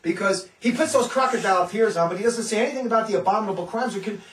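A man's voice: high-pitched, racing, echoey room, recorded from a distance, low-quality recording. A man who leads a religious community, preaching in a fervent, informal way. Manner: fervent, often acts out others' words. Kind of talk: impassioned informal sermon.

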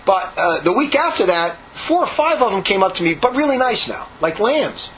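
A man's voice: sits high, moderate pace, a little hiss or hum. Rambling man telling stories on dull lo-fi audio. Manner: animated, rambling, acts out quotes. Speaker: religious brother telling his story. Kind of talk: conversational storytelling. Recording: dull lo-fi recording.

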